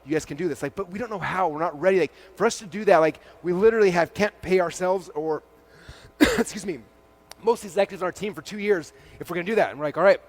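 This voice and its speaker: A man in his forties speaks from a conference stage mic, rattling through a story at a rapid clip. His voice sits a little higher than most men's. He acts out each exchange as quick quoted dialogue and leans on "like" constantly. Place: large event stage before a live audience.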